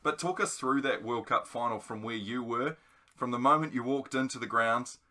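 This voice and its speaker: A man's voice: medium pitch, normal speed, sharp tone. A man hosting a podcast in casual chat, upbeat and teasing with his guests. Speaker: podcast host.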